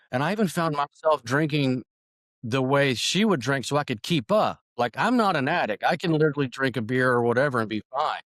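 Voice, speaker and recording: Male podcast guest, earnest, reflective, mid pitch, dry close sound. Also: dry recording. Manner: earnest and reflective, with small restarts. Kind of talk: conversational interview.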